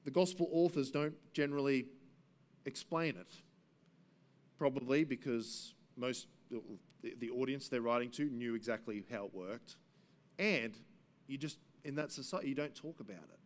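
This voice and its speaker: A man preaching an expository sermon as pastor, earnest, rising for emphasis and dropping to hushed passages. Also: unhurried, pauses often. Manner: earnest, swings between raised emphasis and hushed low passages.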